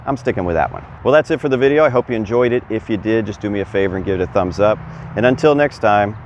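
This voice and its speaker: A man's voice: fairly low pitch, expressive, fast, highs cut off, a little hiss or hum. A man giving a casual, chatty video lesson as a Spanish teacher, quizzing the viewer and encouraging them. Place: outdoors. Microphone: camera on a stand.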